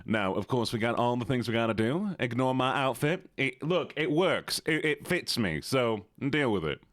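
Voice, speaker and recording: A man's voice: medium pitch, lively intonation, normal speed, fairly bright tone, no echo, clean studio sound, voice pushed down, lightly acted. A male streamer putting on a folksy Southern accent while greeting his chat by name. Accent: Southern US (put on). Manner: chummy drawl, reads off names.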